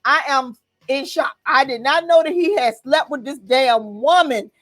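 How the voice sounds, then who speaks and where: A woman with a very high voice hosts a casual gossip livestream. She is sassy and dramatic, and she keeps relaying what her caller says back to her viewers. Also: normal speed, fairly bright tone. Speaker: gossip show host.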